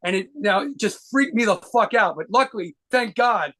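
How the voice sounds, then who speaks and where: A man telling rapid, profanity-laced stories as a guitarist being interviewed. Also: sits high, animated, sharp tone. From United States. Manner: rapid profane anecdotes with laughs. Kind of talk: fast storytelling interview.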